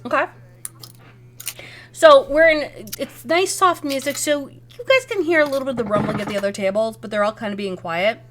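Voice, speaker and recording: A woman running a tabletop role-playing game as game master, narrating scenes in a lively, descriptive way with frequent self-corrections. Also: high-pitched, a little fast, slight background noise.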